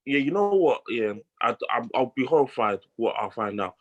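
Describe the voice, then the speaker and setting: A man's voice: mid-range voice, big pitch swings, moderate pace, lo-fi sound. A young man with a London accent, a podcast co-host in casual chat, hesitant and repeating himself. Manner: repetitive, hesitant.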